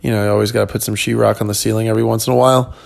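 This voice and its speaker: A man's voice: on the low side, little pitch movement, very fast, creaky. A tired male comedian hosting his own podcast, rambling in casual chat with many ums and restarts.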